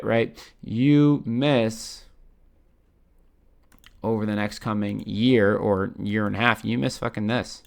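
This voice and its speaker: His voice sits on the low side, gravelly and darkish, with fairly even intonation and an unhurried delivery. This Canadian host of a crypto channel talks loosely over his screen, cursing casually and ending nearly every point with "right?".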